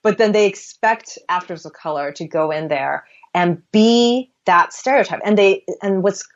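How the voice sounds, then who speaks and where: American woman author, lively and laughing, mid-pitched, lo-fi sound. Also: moderate pace. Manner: animated, laughs often, restarts phrases. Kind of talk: conversational interview.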